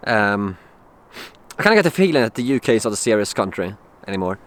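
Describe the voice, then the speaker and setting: Halting young man. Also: on the low side, big pitch swings, a little hiss or hum. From Sweden. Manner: halting, lots of fillers and restarts, incredulous. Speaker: vlogger. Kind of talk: casual vlog monologue.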